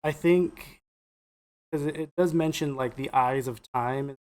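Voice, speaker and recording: A man's voice: medium pitch, a little slow, darkish tone. A man playing a tabletop game, speaking hesitantly with restarts as he decides his moves. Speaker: player. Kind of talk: casual tabletop chat.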